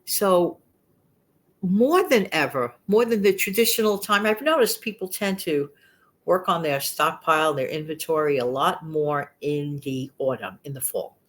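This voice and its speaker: A woman in her sixties with a New York accent and a low voice chats casually to camera as a frugal living vlogger. She speaks a little slowly with lively intonation, rambling and emphatic.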